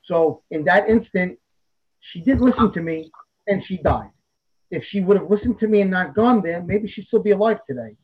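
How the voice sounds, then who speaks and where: A man, a psychic medium guest telling a story in a blunt, animated way. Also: high voice, moderate pace, breathy edge, muffled recording. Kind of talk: casual storytelling interview.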